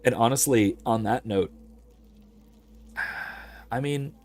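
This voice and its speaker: A man's voice: mid-range voice, slow pace, slight background noise. A man hosting a let's play, chatting casually and rambling into academic digressions while reading chat messages aloud. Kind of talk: casual gameplay commentary.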